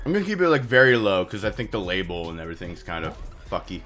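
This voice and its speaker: A man's voice: sits low, very animated, fast, a bit bright, faint music behind. A man chatting casually on a live stream, loose and rambling with lots of fillers.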